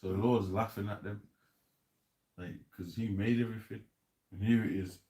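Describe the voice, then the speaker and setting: A man's voice: lowish voice, steady tone, moderate pace, warm tone. A man hosting a loose, laughing chat about scripture, in casual street slang. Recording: roomy echo.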